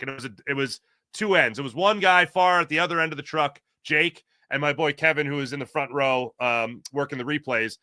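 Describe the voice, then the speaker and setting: A man, a guest telling excited stories in casual chat. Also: medium pitch, no echo, studio quality. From Philadelphia. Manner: excited storytelling, animated.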